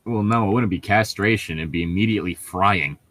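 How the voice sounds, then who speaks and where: A man's voice: lowish voice, brisk, a bit bright, no echo. A man co-hosting a casual podcast, joking and riffing sarcastically while the group reads a book aloud. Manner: sarcastic, riffing, laughs often. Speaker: podcast co-host reading aloud.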